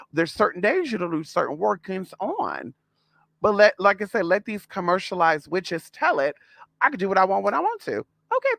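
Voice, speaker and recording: Sassy guy ranting to his viewers, gravelly and kinda high, bright sharp tone. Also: no room sound. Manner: sassy and blunt, calls viewers girl and honey. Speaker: spiritual vlogger. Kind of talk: casual storytelling rant to viewers.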